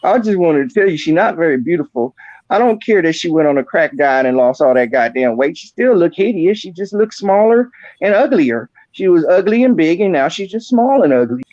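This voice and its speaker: High-pitched guy roasting someone, lots of cursing, dull dry lo-fi audio. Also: very animated, brisk, dry recording. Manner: loud mocking rant, heavy cursing. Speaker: online show host roasting a rival. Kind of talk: profane roast rant.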